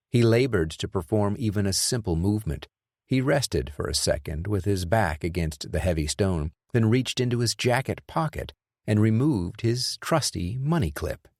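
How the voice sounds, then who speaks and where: Casting: low-voiced male narrator, steady thriller reading, dry close recording. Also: no room sound. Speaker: audiobook narrator. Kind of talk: scripted narration.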